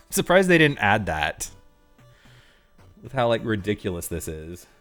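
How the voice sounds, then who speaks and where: Male game streamer, casual and rambling, animated delivery with frequent laughs. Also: on the low side, a little slow, faint music behind. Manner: excitable, rambling, laughs often. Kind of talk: casual live-stream commentary.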